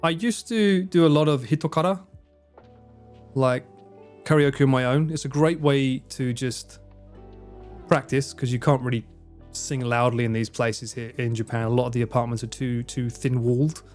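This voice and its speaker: A man's voice: medium pitch, fairly even intonation, normal speed, darkish tone, soft background music. A man from Essex with an Essex accent, chatting casually on a live stream, self-deprecating and thanking viewers by name. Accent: Essex English. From Essex, England. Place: home in Japan.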